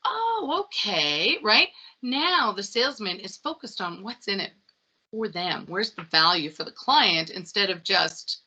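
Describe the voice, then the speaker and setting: Woman, middle-aged, sales expert guest, conversational, bright tone, lively storytelling. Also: medium pitch, measured pace, husky, highs cut off. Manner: animated storytelling, acts out dialogue. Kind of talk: conversational interview.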